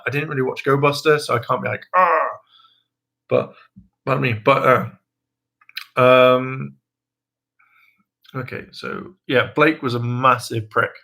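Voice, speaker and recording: A young man chats casually on his livestream, hesitating and restarting his sentences often. His voice sounds bright and forward at an ordinary male pitch. Now and then he leaps into a high, mocking voice to quote people. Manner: hesitant, many ums and restarts, jumps into high mocking voices when quoting. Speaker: livestream host. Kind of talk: casual rambling livestream chat.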